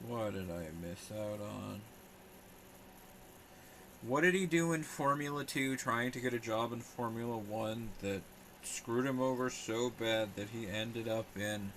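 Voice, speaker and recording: A man's voice: mid-range voice, unhurried, a bit bright, a little hiss or hum. A young man rambling sarcastically on a casual live stream while he talks back to his chat.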